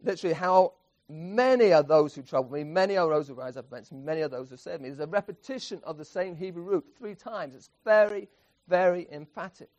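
A man's voice: a little high, brisk, a little mellow. A man preaching an expository sermon, emphatic, often restarting phrases and chuckling.

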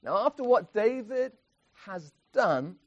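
A man's voice: sits high, expressive, slow, lo-fi sound. A man preaching an expository sermon, emphatic, often restarting phrases and chuckling.

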